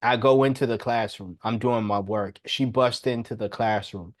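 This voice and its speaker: A young man hosting a podcast, telling a personal story in a casual, animated way and often laughing as he talks. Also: normal speed. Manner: animated, jumps into higher voice when quoting himself. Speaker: podcast host.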